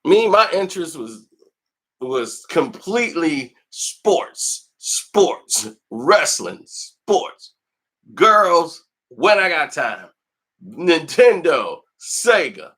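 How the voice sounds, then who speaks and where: Extremely slow yet very animated, this man's voice sits on the high side with a bright, forceful tone. He hosts a film review channel, chatting casually, laughing often, telling lively stories and acting out quotes in put-on voices.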